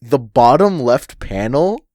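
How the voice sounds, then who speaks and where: A man co-hosting a podcast in casual chat, a relaxed storyteller who swears casually. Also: mid-range voice, slow pace, no room sound, clean studio sound. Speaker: podcast co-host.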